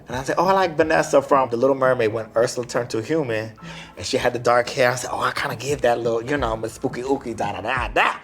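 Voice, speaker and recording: A man who performs in drag, chatting in a casual interview, sassy and animated, full of slangy asides. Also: medium pitch, fast, faint music behind.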